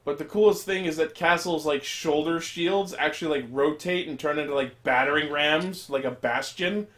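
This podcast host sounds young, lively and chatty, with a slightly high voice at normal speed. He rambles through a casual, profane episode recap, animatedly voicing the lines he quotes.

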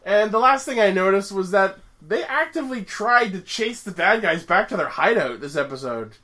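A podcast host in a casual group chat, lively and giggly, steering the conversation. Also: medium pitch, normal speed.

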